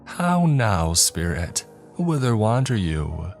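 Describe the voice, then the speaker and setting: A man's voice: deep voice, a little slow, soft background music. A man voicing a playful, sick teenage girl in a story reading.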